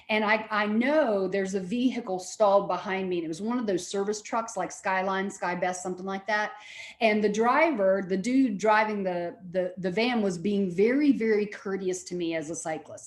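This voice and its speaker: A woman lecturer and therapist telling stories in an animated way, often repeating herself. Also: mid-range voice, reverberant. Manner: animated storytelling with repetitions. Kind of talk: recorded lecture.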